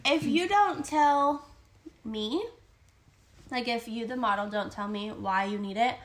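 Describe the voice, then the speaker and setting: Excitable swearing woman photographer. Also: fairly high pitch, unhurried. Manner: swears often, gets loud and excited. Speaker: podcast co-host, photographer. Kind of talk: casual chat.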